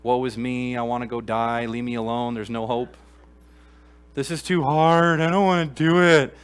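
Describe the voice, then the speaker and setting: A man's voice: medium pitch, fairly even intonation, moderate pace, smooth, lightly acted. Preacher doing a mopey prophet guy whining he wants to give up, voice goes up and strained. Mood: self-pitying. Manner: whiny, complaining. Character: despairing male prophet, whiny and self-pitying.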